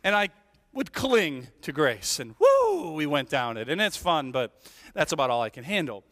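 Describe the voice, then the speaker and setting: Animated male preacher in a big hall. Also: fairly high pitch, moderate pace. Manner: animated storytelling, playful asides, rhetorical "right?". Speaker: pastor. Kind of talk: sermon. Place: church sanctuary. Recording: long reverb of a large hall.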